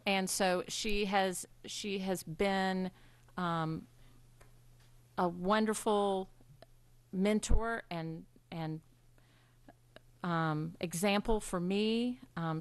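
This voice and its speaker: A woman presiding over a school board meeting, giving a formal tribute speech with many pauses and ums. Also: medium pitch, steady tone, clean tone, dry recording. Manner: warm halting delivery with frequent ums. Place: public meeting room.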